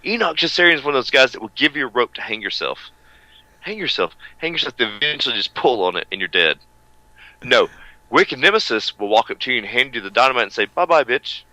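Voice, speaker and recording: A man co-hosting a wrestling radio show, with a booming voice that swings between hollering and low mutters. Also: sharp tone, no echo, low-quality recording. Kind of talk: loud rambling radio banter.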